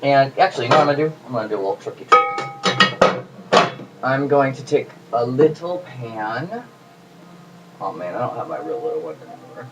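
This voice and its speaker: A man's voice: mid-range voice, expressive, a little fast, pauses often, over loud music. A man hosting a casual home cooking video, chatty and jokey as he talks to the camera while he works in his kitchen. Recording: noisy home recording.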